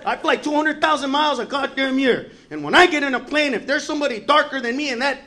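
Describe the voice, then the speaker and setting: A man doing stand-up comedy, brash and profane, shouting his punchlines. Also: very high-pitched, animated, fast.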